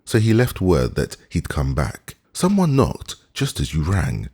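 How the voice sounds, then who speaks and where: A man reading aloud plays a deferential waiter in a storybook, who answers politely and a little hurriedly. The voice is very deep and somewhat husky. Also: huge pitch swings, measured pace, darkish tone, exaggerated voice. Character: deferential male inn waiter.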